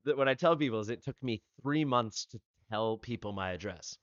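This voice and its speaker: An American man hosts a live stream, chatting casually and telling rambling stories that keep restarting. His mid-range voice has lively intonation and a fairly quick pace. The recording is dry, dull, and lo-fi.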